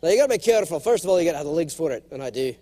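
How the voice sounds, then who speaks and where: A middle-aged man giving a humorous motivational keynote speech to a large conference, jokey and animated, slipping now and then into character voices. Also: on the high side, rapid-fire, a little hiss or hum. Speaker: keynote speaker.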